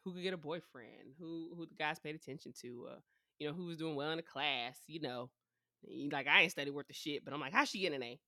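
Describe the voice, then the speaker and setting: A woman in her twenties chats on a podcast in a blunt, profane way, often breaking into laughs as she tells stories. Her voice is bright, and the studio sound is dry and close. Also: sits low, fast talker, no room sound. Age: 20s. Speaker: podcast co-host. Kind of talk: casual chat.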